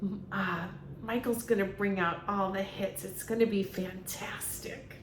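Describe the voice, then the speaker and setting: A woman imitating a slick, fake-cheerful male music manager, with a quiet, hollow, upbeat delivery. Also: mid-range voice, fairly even intonation, a little slow, roomy sound, heavy background noise, natural voice.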